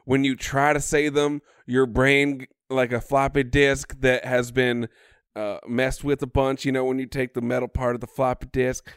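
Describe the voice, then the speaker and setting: A man playing in a tabletop game, animated and joking, with frequent profanity. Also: medium pitch, normal speed, smooth. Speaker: player. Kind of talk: in-character tabletop play.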